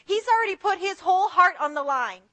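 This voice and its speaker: A woman preacher giving an animated sermon who acts out the voices of the people she quotes. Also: very high-pitched, a little fast.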